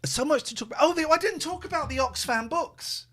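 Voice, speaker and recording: A man's voice: extremely high pitch, brisk. A male podcast host telling rambling anecdotes in casual chat, acting out both sides of quoted conversations and often correcting himself mid-sentence. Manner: animated, acts out quoted dialogue in other voices; rambling with restarts and self-corrections.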